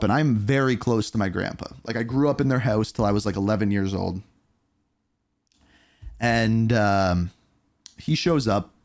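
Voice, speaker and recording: A man in his thirties telling a candid storytime vlog, animated and blunt, with casual swearing. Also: on the low side. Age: 30s. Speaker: YouTuber.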